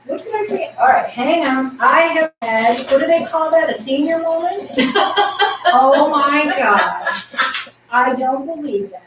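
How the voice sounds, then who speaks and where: A woman teaching a tai chi class, encouraging and counting out the moves, projecting her voice loudly. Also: high-pitched, animated, slow pace, background noise. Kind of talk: guiding an exercise class. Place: exercise room indoors. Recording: echoey room, voice from a distance.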